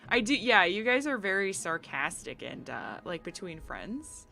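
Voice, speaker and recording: A woman's voice: medium pitch, very animated, a little slow, vocal fry, bright, forceful tone, faint music behind. An American woman streaming live, chatting casually with viewers in a giggly, filler-heavy way.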